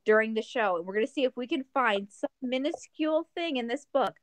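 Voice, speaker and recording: A woman co-hosting a podcast in casual chat, joking and rambling through plans in an animated way. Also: a little high, brisk, dry recording. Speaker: podcast co-host.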